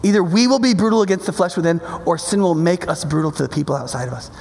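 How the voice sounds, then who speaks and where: A man's voice: high-pitched, fast, creaky, a little mellow, big-room sound. A man preaching a sermon in an emphatic, conversational way, often checking in with his listeners. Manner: emphatic, conversational, keeps asking "right?".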